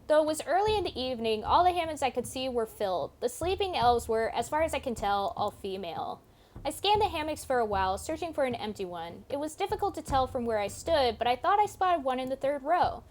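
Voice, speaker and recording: A woman playing a visual novel, reading the narration aloud with expressive delivery and dropping casual asides. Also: high-pitched, brisk.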